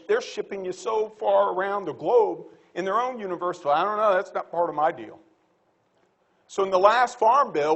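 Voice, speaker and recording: Man, conference panelist, blunt, folksy, animated, quippy, somewhat high voice. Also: breathy edge. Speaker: panelist on livestock trade.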